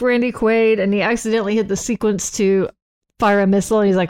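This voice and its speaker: A woman co-hosting a casual chat show from home, retelling scenes with lively put-on lines and frequent laughs. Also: medium pitch, brisk, clear, resonant tone. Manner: animated, acts out movie lines, laughs often. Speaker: podcast co-host.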